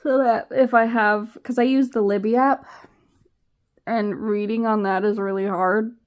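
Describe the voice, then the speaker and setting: A young woman vlogging in a casual, rambling way, sounding low and tired, trailing off into fillers. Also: fairly even intonation, measured pace. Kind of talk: casual vlog chat.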